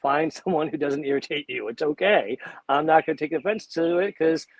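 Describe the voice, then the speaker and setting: A man's voice: on the high side, a little fast, no room sound, poor audio. A man who works as a coach, talking casually on a panel in a chatty, self-deprecating way and laughing often.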